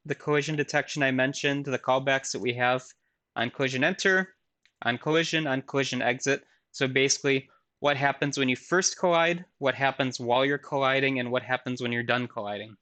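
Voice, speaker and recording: A man giving a recorded university lecture with a live software demo, talking casually with frequent fillers and self-deprecating asides. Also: medium pitch.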